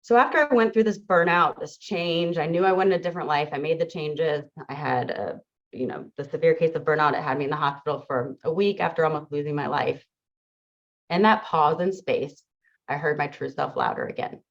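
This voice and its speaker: A woman with a low, deep-set voice delivers an earnest, reflective motivational talk to a listening audience. She sounds middle-aged and speaks as a teacher and coach. The recording is dull and lo-fi. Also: brisk.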